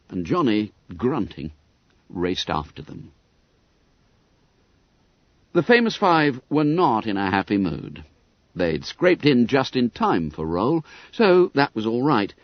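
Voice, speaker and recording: A male narrator reads an audiobook with lively, expressive storytelling. His pitch ranges very widely, and his voice is a little husky. The recording is dry and dull. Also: slow pace, pauses often, dry recording. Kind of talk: scripted narration.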